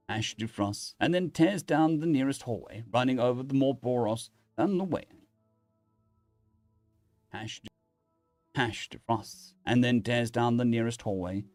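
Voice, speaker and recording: Lively man reading sci-fi stories. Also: mid-range voice, no echo. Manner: lively, animated reading with restarts. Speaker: story narrator. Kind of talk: reading internet stories aloud.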